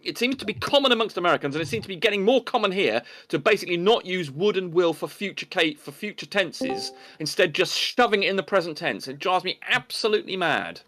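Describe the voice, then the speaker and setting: A man's voice: sits high, lively intonation, fast, few pauses, fairly bright tone, faint music behind. A man with an English accent in a casual online debate, talking in a pedantic, indignant way that rambles with restarts.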